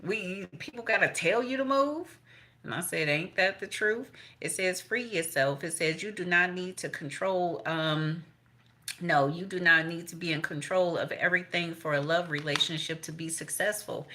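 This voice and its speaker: A woman's voice: fairly low pitch, normal speed, pushed and bright. A middle-aged woman giving a casual tarot reading to her viewers, blunt and foul-mouthed, chatting along and quoting people in little voices. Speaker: tarot reader.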